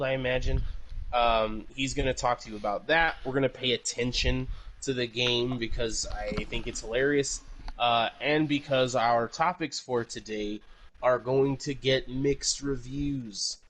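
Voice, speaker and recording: Male podcast host, mid-pitched voice, loose rambling delivery with restarts and casual swearing. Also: fairly bright tone.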